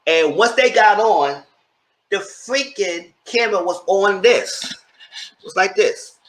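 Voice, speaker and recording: A man giving a chatty, animated recap of a TV episode and talking straight to his viewers. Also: sits high, slow, echoey room. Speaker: TV show reviewer. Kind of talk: casual recap commentary.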